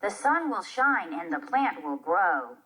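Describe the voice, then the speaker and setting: An eager young boy, read aloud by a woman in a lowered, slow voice. The pitch is lively, with storybook rise and fall. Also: husky, heavily acted. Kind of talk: reading a children's play aloud.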